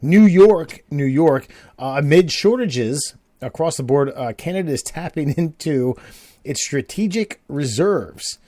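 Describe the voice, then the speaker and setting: A man's voice: fairly high pitch, animated, a little slow, dark tone, no echo, clean studio sound. A man co-hosting a podcast, telling stories in a rambling, casual way with lots of fillers and swearing. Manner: rambling, profane storytelling with frequent fillers. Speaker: podcast co-host. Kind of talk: casual chat.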